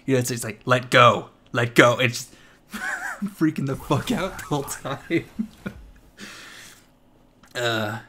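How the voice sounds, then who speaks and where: A man's voice: medium pitch, expressive, unhurried, long pauses. A young man telling a story in casual, rambling gameplay commentary, swearing and laughing a lot. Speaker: gaming commentator. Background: game sounds and music.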